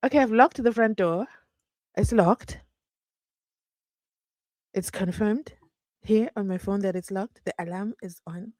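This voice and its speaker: A woman's voice: medium pitch, measured pace, long pauses, warm tone, no room sound. A woman hosting a casual livestream from home, chatting, laughing often and reading viewer comments aloud. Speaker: livestream host.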